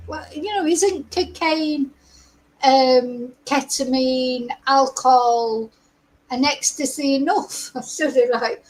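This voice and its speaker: A woman's voice: high-pitched, unhurried, slight background noise, rough recording. An older woman hosting a true crime live stream, talking in a chatty, exasperated and rambling way with frequent asides. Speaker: true crime channel host. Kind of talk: casual live-stream commentary.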